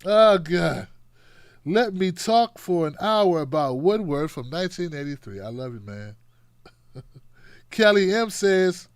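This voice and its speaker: A man hosting a live stream, reading out viewer comments with an animated, sarcastic delivery that swings between outbursts and muttering. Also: a little high, takes it slowly, clear, resonant tone, no room sound, studio quality. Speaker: live-stream show host.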